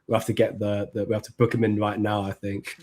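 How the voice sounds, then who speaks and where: A man co-hosting a casual chat over a video call, thinking aloud in an unhurried way. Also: lowish voice, little pitch movement, a little mellow. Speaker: co-host.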